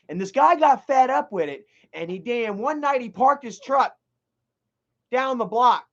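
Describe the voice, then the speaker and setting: A livestreaming man with a very high voice retells a story heatedly, swearing constantly and repeating himself in a rambling, profane commentary. The recording sounds muffled.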